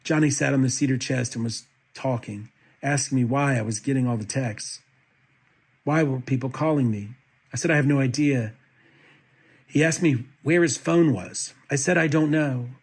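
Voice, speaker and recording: A man reading a court petition aloud as a commentator, with a steady, even delivery. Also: mid-range voice, moderate pace, breathy edge.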